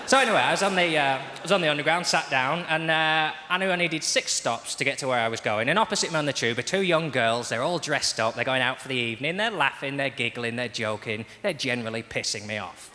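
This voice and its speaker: Grumpy deadpan man ranting on stage. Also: mid-range voice, fairly quick. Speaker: stand-up comedian. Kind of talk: stand-up routine. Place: large theatre stage. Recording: echoey theatre with audience noise.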